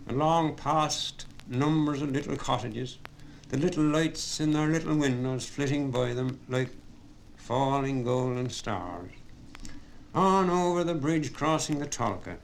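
A man reading a story aloud as narrator, with steady storytelling. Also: mid-range voice, unhurried, slight background noise. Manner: steady storytelling, voices the characters. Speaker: audiobook narrator. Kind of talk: scripted narration.

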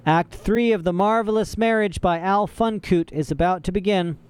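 A man doing a harried, shouting stage manager. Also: sits high, moderate pace, smooth, voice pushed up, lightly acted. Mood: urgent. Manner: shouting announcements.

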